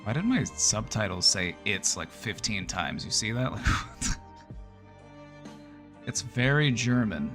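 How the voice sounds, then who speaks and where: A man's voice: fairly low pitch, very animated, measured pace, creaky, long pauses, a bit bright, soft background music. A man hosting a mental health Q&A in a casual, chatty way, with many fillers and laughs at his own jokes. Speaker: host answering viewer questions. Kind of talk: casual chat.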